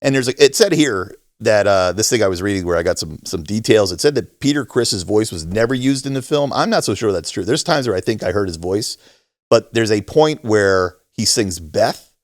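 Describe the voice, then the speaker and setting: Middle-aged man, podcast co-host, casual storytelling, lively swooping pitch, bursts into high voices for quoted lines, dry close sound. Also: moderate pace, dry recording. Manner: animated storyteller, acts out quotes with big pitch jumps. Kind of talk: casual chat.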